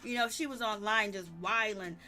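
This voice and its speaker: A woman's voice: mid-range voice, normal speed, bright, forceful tone. A woman hosting a live-stream recap of reality TV, chatting animatedly and laughing often as she retells the drama. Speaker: reality TV commentary host.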